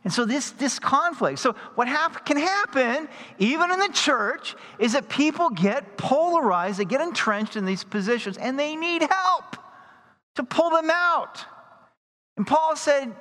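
Pastor, male, earnest sermon delivery, high voice, long reverb of a church hall. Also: animated, measured pace, pushed and bright. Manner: earnest, repeats words when he restarts.

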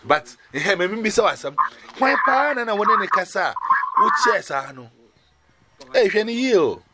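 A man with a Ghanaian accent delivers a personal testimony over a video call at a moderate pace, with noise in the background. He narrates in a lively way as his pitch jumps around.

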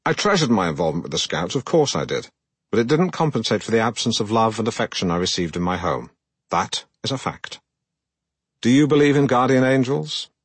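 A pompous broadcaster. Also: male voice, medium pitch, a little fast, husky, no echo. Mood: self-important. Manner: pompous, self-regarding, deadpan. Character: pompous self-important middle-aged male broadcaster. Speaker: narrator of own memoir. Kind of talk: comic audiobook narration.

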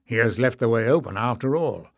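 A man voicing a grim, stern warrior who speaks slowly and dryly. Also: medium pitch, expressive, gravelly, dry recording. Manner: grim, slow, dry.

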